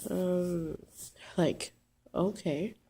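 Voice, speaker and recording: A woman's voice: lowish voice, steady tone, extremely slow, warm tone, slight background noise. A woman casually telling a personal story, rambling with many fillers and restarts.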